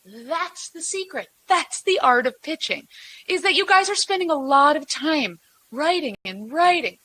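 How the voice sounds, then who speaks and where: A woman giving a blunt, emphatic workshop talk about pitching to a live audience, animated and quick to mock bad examples. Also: poor audio. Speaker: workshop speaker.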